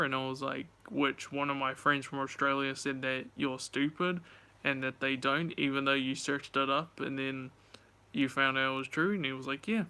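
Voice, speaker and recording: A man's voice: medium pitch, sharp tone, clean tone. A young man casually telling a story to his viewers, chatty, swearing and acting out both sides of a conversation. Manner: chatty, swears, retells dialogue animatedly. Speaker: vlogger.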